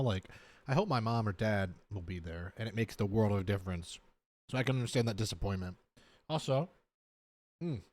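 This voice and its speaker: A man's voice: fairly low pitch, no echo. Brief: male reaction host, casual and chatty, incredulous asides, dry close-mic sound.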